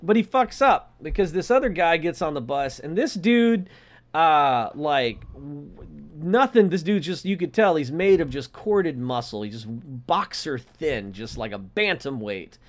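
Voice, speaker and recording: A man co-hosting a podcast, telling a story in casual chat. His voice sits a little high. He acts out the people in his story with animated voices. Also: a little slow. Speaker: podcast co-host.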